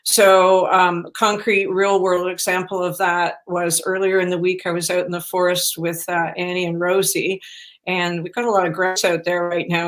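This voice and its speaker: A woman's voice: on the low side, fairly bright tone. A middle-aged woman dog trainer talking casually, with many ums and you-knows, now and then acting out what her dogs might say. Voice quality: chatty, many fillers, acts out dog voices. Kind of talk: casual chat.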